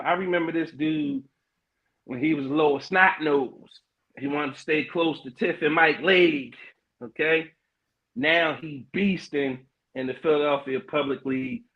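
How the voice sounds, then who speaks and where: A middle-aged man hosting a podcast livestream in casual chat, loose and hyped, with lots of slang, fillers and quick laughs. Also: fairly high pitch, dull audio. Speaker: podcast host.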